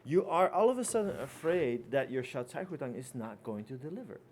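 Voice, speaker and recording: A man lecturing a class in a loose, conversational way, walking through a story and slipping into the voices of a worried doctor and a complaining patient. His pitch sits in an ordinary middle range, with a faint hiss of noise underneath. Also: sing-song, brisk, a little mellow. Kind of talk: teaching lecture with anecdotes.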